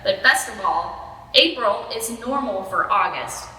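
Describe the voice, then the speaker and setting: A woman reading aloud and voicing a cheerful, literal-minded young housekeeper in a storybook, bright and earnest. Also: mid-range voice, lively intonation, unhurried. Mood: chirpy. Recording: echoey hall, voice from far off.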